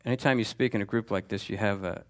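A man's voice: lowish voice, fairly even intonation, fast. A man preaching a sermon as pastor, in a conversational, emphatic style that repeats key phrases.

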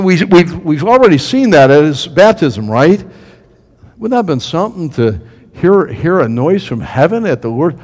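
A high-voiced man preaches with a lot of movement in his pitch, swinging from hushed lines to sudden cries. He acts out the voices in the story and throws questions to his listeners. The sound carries a long reverb, as from a big hall. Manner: animated, acts out quotes, asks the congregation questions. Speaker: pastor. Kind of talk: sermon.

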